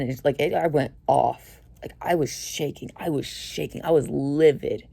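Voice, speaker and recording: A young woman telling a rambling, swear-heavy story to camera, mostly low-key and tired with sudden heated outbursts. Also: fairly even intonation, moderate pace, creaky, warm tone. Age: young adult. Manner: swears a lot, rambling with many fillers. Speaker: vlogger. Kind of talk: casual storytelling rant.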